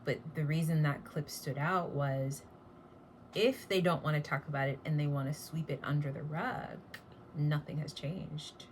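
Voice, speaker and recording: A woman's voice: deep voice, fairly even intonation, normal speed, a little hiss or hum. A woman giving a casual tarot reading, blunt and chatty, with casual swearing. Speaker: tarot reader.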